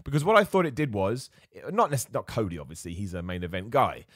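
A man's voice: fairly low pitch, big pitch swings, brisk, no echo, studio quality. A man hosting his own wrestling show, giving enthusiastic, rambling opinions with frequent restarts. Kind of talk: casual opinion commentary.

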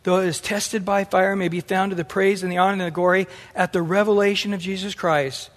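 High-voiced man preaching in a hall. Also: brisk. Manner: animated, acts out quoted voices. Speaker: pastor. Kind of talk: sermon. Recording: long hall reverb.

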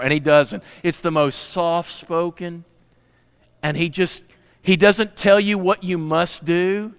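A middle-aged man preaching a sermon, telling stories lively and asking the congregation questions. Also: high-pitched, clear, resonant tone. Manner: animated storytelling with audience questions. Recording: reverberant hall.

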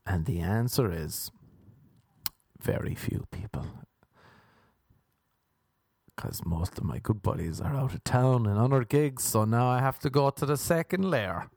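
A man hosting a comedy podcast, rambling through a crude, self-mocking monologue full of quick put-on voices. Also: medium pitch, animated, vocal fry, a little mellow, dry recording, clean studio sound.

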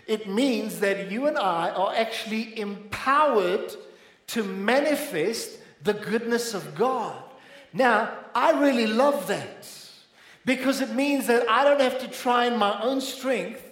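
High-voiced South African pastor preaching. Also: male voice. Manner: earnest preaching, calls out to the congregation. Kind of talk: sermon. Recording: echoey church hall.

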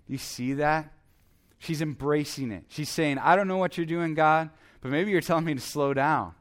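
A man's voice: fairly high pitch, moderate pace. A man preaching a sermon as the pastor, earnest and emphatic, repeating his exhortations.

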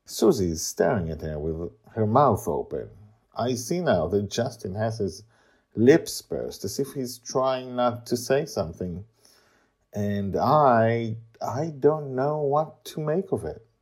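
Playful, animated male storyteller. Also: mid-range voice, takes it slowly, breathy edge. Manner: playful and theatrical, with sing-song interjections. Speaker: podcast host and storyteller. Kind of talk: read-aloud fantasy storytelling.

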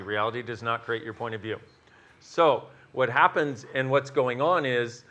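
Bright-voiced animated man leading a class. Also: medium pitch. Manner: animated, acts out voices, swears, laughs at own jokes. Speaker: workshop facilitator. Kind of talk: live workshop talk. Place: class in front of an audience.

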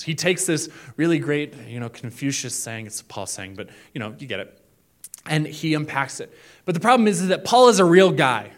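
Young male pastor, casual joking sermon, somewhat high voice, acts out quotes.

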